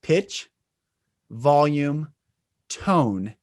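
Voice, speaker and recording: A man giving an earnest, inspirational spiritual talk. He shifts his pitch, volume and pace to show how a voice can change a message, and laughs lightly now and then. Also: animated, very slow. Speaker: speaker and retreat leader.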